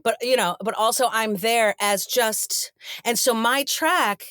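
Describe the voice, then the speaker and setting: A middle-aged actress in a casual interview, telling stories and acting out the voices of the people in them. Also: female voice, a little high, unhurried, no room sound, studio quality. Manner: animated, acts out quoted dialogue. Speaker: actress guest.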